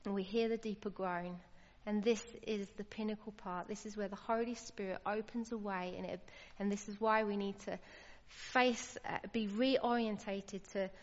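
A woman's voice: mid-range voice, steady tone, moderate pace. A woman preaching a sermon, earnest and emphatic, her voice rising when she stresses a point. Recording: lo-fi with long hall reverb.

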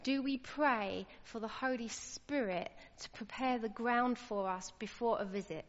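A woman's voice: a little high, measured pace. A woman preaching a sermon, earnest and emphatic, her voice rising when she stresses a point. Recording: lo-fi with long hall reverb.

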